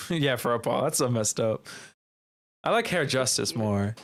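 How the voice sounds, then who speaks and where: A man's voice: mid-range voice, lively intonation, a little slow, a bit bright, no room sound. A man streaming a game, joking in laid-back casual commentary.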